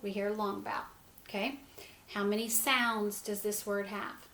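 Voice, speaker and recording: A woman teaching a phonics lesson to young children, sounding out words letter by letter and gently encouraging them. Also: mid-range voice, level tone, moderate pace, a little hiss or hum. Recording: echoey room with faint ambience.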